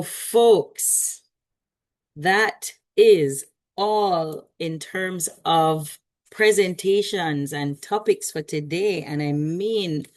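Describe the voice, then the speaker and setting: Jamaican lady hosting a conference on a video call, low voice, chatty and laughing a lot. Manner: chatty, warm, laughs often. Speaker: conference moderator. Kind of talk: casual closing remarks.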